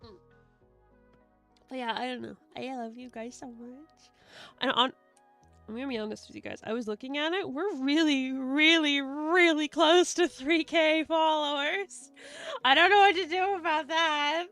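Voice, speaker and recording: Young woman, streamer, slow-paced gushing chat, gravelly, giggly, swears, faint music behind. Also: sits high, steady tone, a bit bright, no room sound. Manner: giggly, effusive, swears freely. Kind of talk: casual live-stream chat reading viewer messages.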